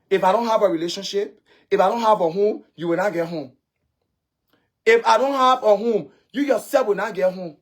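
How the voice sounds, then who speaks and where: Livestream host, Liberian English accent, confrontational, repetitive rant, phone mic. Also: medium pitch. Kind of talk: ranting livestream monologue.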